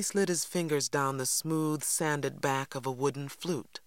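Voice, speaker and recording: A man reading a novel aloud as narrator in an even, unhurried way. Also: fairly high pitch, clear, resonant tone, no room sound. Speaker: audiobook narrator. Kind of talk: scripted narration.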